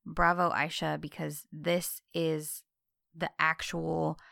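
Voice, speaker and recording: A woman's voice: sits low, level tone, slow, creaky, pushed and bright, no echo, studio quality. A woman co-hosting a casual podcast who comments on a TV episode with wry, sarcastic asides. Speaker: podcast co-host. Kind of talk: casual TV recap chat.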